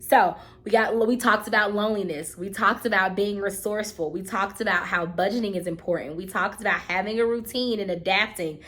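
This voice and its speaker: A woman's voice: medium pitch, a little fast, few pauses, fairly bright tone. A woman in her thirties talks straight to her viewers in a casual vlog. Her voice is earnest and heartfelt, and she often circles back and repeats her phrases for emphasis. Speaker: vlogger. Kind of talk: casual talking-to-camera vlog.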